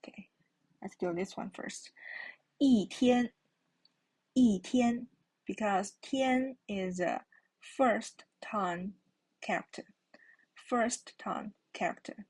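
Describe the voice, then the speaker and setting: Patiently walking through the tones, this Mandarin teacher repeats every word twice in a slow explanatory lesson. Her voice is medium-pitched, slightly rough, and unhurried.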